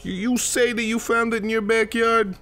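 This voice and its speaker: A man's voice: very high voice, fairly even intonation, normal speed, bright, forceful tone, soft background music, voice pushed up, full character voice. A man doing a stammering scared boy. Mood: frightened. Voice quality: stammering, shivery. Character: frightened twelve-year-old boy, stammering. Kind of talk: comedic book reading.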